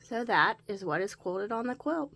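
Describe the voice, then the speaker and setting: Speaking at a normal speed, a crafting vlogger narrates her week of quilting and sewing, going step by step through every project. Her mid-range voice is expressive, gravelly and a bit bright.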